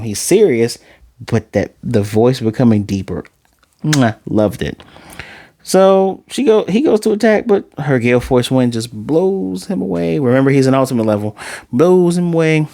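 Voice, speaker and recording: A man casually recapping and reviewing an anime episode, acting out character lines with dramatic, exasperated reactions. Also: mid-range voice. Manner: animated, acts out character lines in quick snippets.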